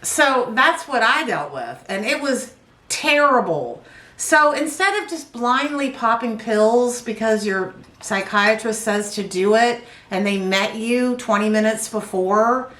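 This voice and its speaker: A woman knitting vlogger telling a rambling, animated story in casual chat on a couch. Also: fairly high pitch, measured pace, echoey room. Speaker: knitting vlogger, yarn dyer. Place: indoors, on a couch.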